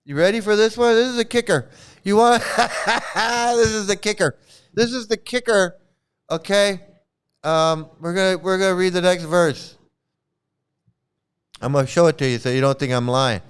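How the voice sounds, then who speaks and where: A man's voice: high voice, normal speed, pauses often, clean tone. A man hosting a commentary video, reading a text aloud and breaking into laughter as he swears. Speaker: channel host.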